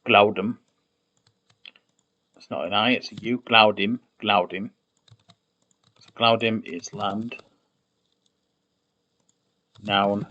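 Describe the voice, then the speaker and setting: A man's voice: lowish voice, steady tone, slow pace, long pauses, sharp tone, dull audio. A man streaming himself building a made-up language, thinking aloud while typing, muttering and repeating words to try them out. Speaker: conlang streamer.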